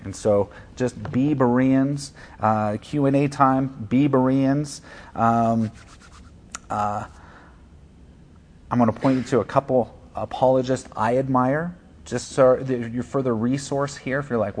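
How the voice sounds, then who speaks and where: A man preaching to his church, earnest and conversational, with fillers and repeated words. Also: medium pitch. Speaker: pastor. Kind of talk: sermon.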